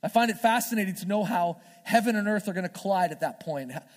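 A male pastor giving a sermon in a church, talking in a conversational, earnest way, as if thinking out loud. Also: high-pitched, lively intonation, quick pace. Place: church sanctuary. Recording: long hall reverb, faint music behind.

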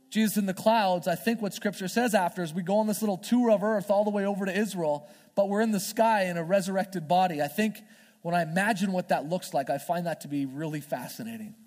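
A male pastor giving a sermon in a church, talking in a conversational, earnest way, as if thinking out loud. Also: high-pitched. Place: church sanctuary. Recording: long hall reverb, faint music behind.

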